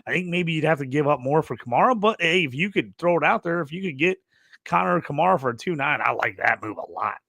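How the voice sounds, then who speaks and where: A man's voice: a little high, lively intonation, quick pace, gravelly, bright, forceful tone, no room sound, clean studio sound. A man hosting a casual sports podcast, talking with enthusiasm and thinking aloud as he goes. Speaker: podcast host. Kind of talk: casual chat.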